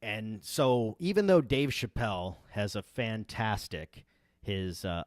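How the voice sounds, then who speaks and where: A man hosting a livestream podcast, ranting in a heated, profane way that sounds like yelling. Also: on the low side, expressive, slow, no room sound, clean studio sound. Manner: profane, emphatic. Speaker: podcast host. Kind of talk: livestream rant.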